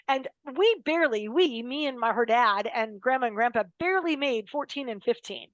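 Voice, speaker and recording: A high-voiced American woman in her fifties talks fairly quickly with hardly any pauses, acting out quotes as she dramatically and emphatically recounts personal stories. She is a lawyer being interviewed as a podcast guest. The recording is rough, with no echo.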